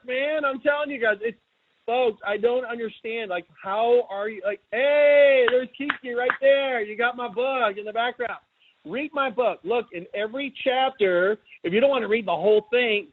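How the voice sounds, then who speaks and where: An upbeat webinar host gives a casual motivational talk over a tinny, phone-like line. His voice is very high, and he comes across as energetic and chatty, tossing questions to the audience.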